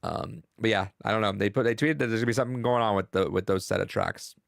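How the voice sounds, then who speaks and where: Young man, gravelly low voice, dry close sound, casual gaming podcast, swears a lot, rambling. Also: fast, no echo. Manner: profane, rambling, excitable. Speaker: podcast co-host.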